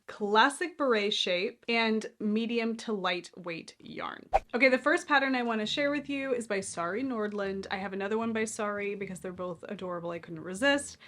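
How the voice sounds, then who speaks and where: A woman's voice: mid-range voice, fairly bright tone. A young woman hosting a knitting podcast, chatting casually and enthusiastically about her favorite patterns, now and then poking fun at herself. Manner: chatty, enthusiastic, self-deprecating.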